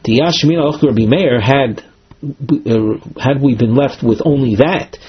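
The muffled, lo-fi recording captures a man with a husky, mid-range voice teaching Talmud. He works through the text line by line, reading, translating, and explaining slowly and deliberately, with some self-corrections.

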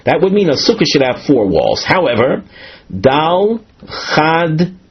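A man explains a Talmud passage in a careful, methodical teaching voice, restarting phrases as he goes. His voice is somewhat husky and moves lively up and down in pitch. The recording sounds dull and lo-fi. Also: slow pace. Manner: methodical, with frequent restarts and Hebrew terms. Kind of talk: explanatory study lesson.

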